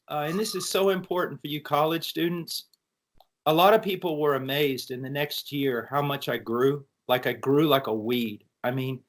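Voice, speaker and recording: A middle-aged man from the United States recounts his life in an interview. His voice sits a little high for a man. His telling is earnest and animated, full of restarts. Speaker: interview guest. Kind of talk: conversational testimony.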